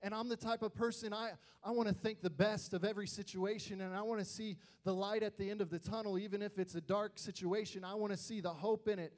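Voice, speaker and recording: Animated high-voiced young male youth preacher. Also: fast, few pauses. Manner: animated storyteller, acts out quoted voices. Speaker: youth pastor. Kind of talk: youth sermon with personal stories.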